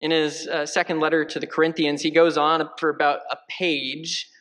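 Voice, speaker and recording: A male parish priest giving a conversational homily, joking lightly and filling pauses with ums and uhs. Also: fairly high pitch, flat delivery, a bit bright. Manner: chatty, joking, many fillers. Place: large church. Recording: long church reverb.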